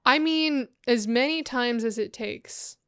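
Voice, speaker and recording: A woman's voice: fairly high pitch, fairly bright tone, smooth, dry recording, studio quality. A young woman co-hosting a podcast in casual chat, teasing and joking playfully. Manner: playful teasing, quick jokes. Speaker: podcast co-host.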